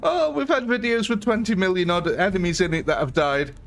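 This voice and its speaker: A man's voice: high voice, fairly quick, gravelly, a bit bright, faint music behind. A young man chatting through a live gameplay stream, thanking viewers and talking through his choices.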